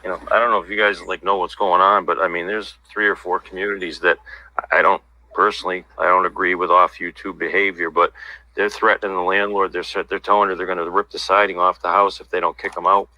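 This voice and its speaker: Blunt, gossipy man with a bright voice. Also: deep voice, flat delivery, fast, poor audio. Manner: blunt, rambling insider talk. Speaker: interview guest. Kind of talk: casual livestream gossip.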